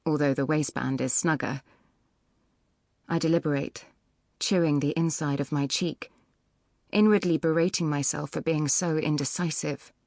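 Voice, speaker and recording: A woman reads a first-person novel with a low, measured, even delivery. The recording is close and dry, with no room sound at all. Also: dry recording. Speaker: audiobook narrator. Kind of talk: scripted first-person narration. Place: recording studio.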